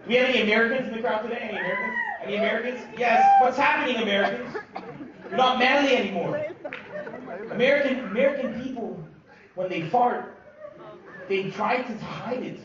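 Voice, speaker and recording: A man from Lebanon doing live stand-up comedy, loud and animated, working the crowd. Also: extremely high pitch, brisk, pauses often. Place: large comedy venue with live audience. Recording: echoey, dull live hall recording from far off, loud crowd.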